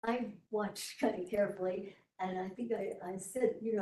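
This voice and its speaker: A woman testifying as an expert witness under cross-examination, speaking haltingly and often trailing off mid-sentence. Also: medium pitch, fairly even intonation, dark tone. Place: courtroom. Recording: echoey courtroom audio from far off.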